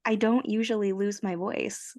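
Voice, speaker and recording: A young woman co-hosting a casual podcast, her voice hoarse from a cold, telling her story in a chatty, self-mocking way. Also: medium pitch, flat delivery, moderate pace, a little mellow. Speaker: podcast co-host. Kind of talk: casual chat.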